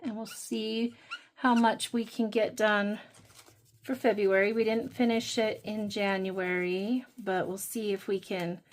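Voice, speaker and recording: A woman's voice: medium pitch, steady tone, measured pace. A woman hosting a budgeting channel, chatting casually and thinking aloud while she counts and scratches off savings challenges.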